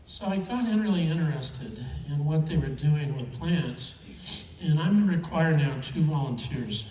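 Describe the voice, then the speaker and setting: A man's voice: fairly high pitch, expressive, normal speed, darkish tone, far from the mic, a little hiss or hum. A man giving a keynote speech on stage, telling stories in a chatty, chuckling, emotional way. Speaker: keynote speaker. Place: large event hall. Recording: echoey hall, mic heard from afar.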